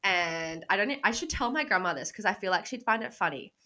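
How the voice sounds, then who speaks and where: A woman in her twenties with an Australian accent, co-hosting a casual podcast and telling stories with lively quoted asides. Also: medium pitch, fairly quick. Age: 20s. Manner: storytelling, swears freely, animated quoted asides. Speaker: podcast co-host. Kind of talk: casual chat.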